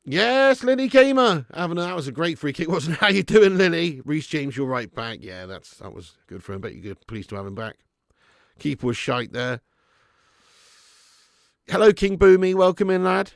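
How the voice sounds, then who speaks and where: A man hosting a live football watch-along, who is excitable and jokey and bantering with his chat. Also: on the high side, moderate pace, gravelly, no room sound, studio quality. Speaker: live stream host.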